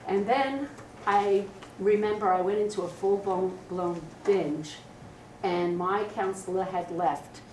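A woman's voice: medium pitch, slow pace, recorded from a distance, noisy background. Candid middle-aged woman telling her story. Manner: candid, animated storytelling with acted quotes. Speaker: speaker sharing recovery story. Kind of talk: personal testimony at a meeting. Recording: roomy echo, voice from off-mic.

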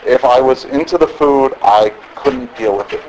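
A man's voice: medium pitch, normal speed, a little mellow, low-quality recording. Middle-aged man, candid personal share, rambling with restarts, support-group meeting room, faint background noise. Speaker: member sharing at a recovery meeting.

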